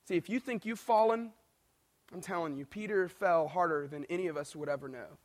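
A male pastor preaching a sermon as an animated storyteller, acting out the people he quotes and swinging between quiet and emphatic delivery. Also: sits high, a little fast.

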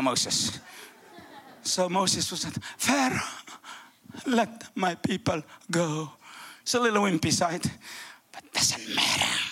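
Fervent high-voiced older male preacher. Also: creaky, slightly rough. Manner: fervent, shouting exclamations with wide swings between loud and hushed. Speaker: guest preacher. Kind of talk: sermon.

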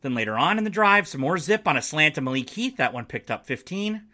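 A man talks through his own sports podcast, recorded alone in his basement. His voice is bright and forceful, slightly higher than most men's, and it swings up and down animatedly. He jokes at his own expense and wanders into playful asides. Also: sing-song, fairly quick. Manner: playful, self-mocking, rambling asides. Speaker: podcast host. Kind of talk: solo sports podcast, casual and jokey. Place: home basement.

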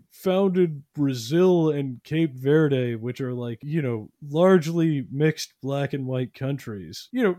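Mellow-voiced man in casual joking chat. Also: mid-range voice, no echo, clean studio sound. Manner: rambling and joking, laughs often, puts on quick voices.

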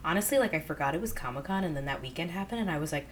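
A woman co-hosting a podcast in casual chat, telling stories excitedly, with bursts of squealing. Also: low voice, racing, slight background noise. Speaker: podcast co-host.

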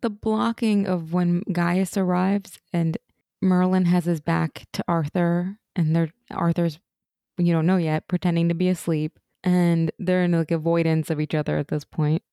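A woman co-hosts a relaxed recap chat, her voice mellow and a touch low. She gushes with enthusiasm and slips into little acted-out quotes. The sound is dry and close. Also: moderate pace, clear, resonant tone, no echo. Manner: enthusiastic, gushing, acts out quoted lines. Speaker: podcast co-host. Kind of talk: casual chat recapping a TV episode.

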